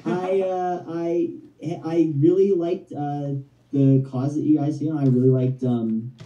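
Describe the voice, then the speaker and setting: A man calling in as a guest, chatting casually in a halting, rambling, friendly way. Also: a little high, fairly even intonation. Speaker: phone-in guest. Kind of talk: casual chat. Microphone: phone. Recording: echoey phone call from far off.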